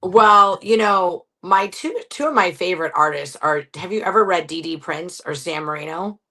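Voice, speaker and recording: A woman guest on a video call, speaking haltingly and filling pauses with "you know". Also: lowish voice, animated, bright, forceful tone. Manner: hesitant, halting, many fillers. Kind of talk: casual chat.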